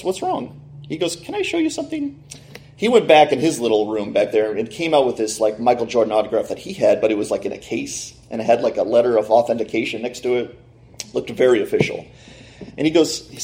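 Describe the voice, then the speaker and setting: A middle-aged man telling a personal story in a sermon, acting out the voices of the people he quotes. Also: mid-range voice. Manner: animated, acts out quoted voices.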